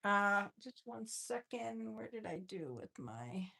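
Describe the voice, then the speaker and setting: A woman's voice: medium pitch, sing-song, slow, vocal fry, pushed and bright. A woman hosting a live jewelry sale, chatting in an effusive way and often repeating her words. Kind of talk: casual live-stream selling.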